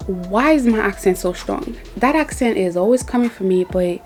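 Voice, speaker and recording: A woman's voice: mid-range voice, animated, moderate pace, soft background music. A young woman reviewing makeup in a casual vlog, chatty and laughing often, repeating words as she goes. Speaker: beauty vlogger.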